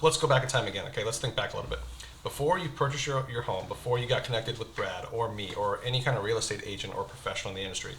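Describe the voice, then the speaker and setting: A bright, clear-toned man hosts a casual interview while eating hot wings, chatting easily and breaking into laughter. He often stumbles and starts his questions over. A faint hum of room noise sits behind him. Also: fairly low pitch, rapid-fire. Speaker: host, real estate agent.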